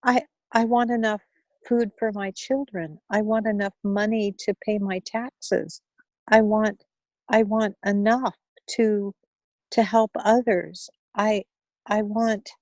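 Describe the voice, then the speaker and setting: A woman voicing a poor grieving widowed mother who pleads in a halting, tearful way, in a spoken story. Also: mid-range voice, steady tone, darkish tone, no echo, lo-fi sound, pitched above the performer's own voice. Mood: pleading.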